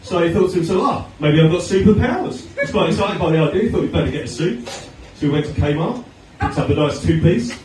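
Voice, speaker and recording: A middle-aged Australian man doing a stand-up comedy set, telling chatty stories with deadpan punchlines. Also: fairly high pitch, quick pace, hardly any pauses. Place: comedy venue stage with audience laughter. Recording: echoey room from far off, noisy.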